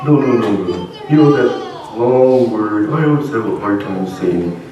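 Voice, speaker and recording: A man voicing a curious, playful young male frog puppet who talks in a slow, halting, sing-song way, recorded in an echoey church hall from a distance. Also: lowish voice, expressive, warm tone, highs cut off. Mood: trying.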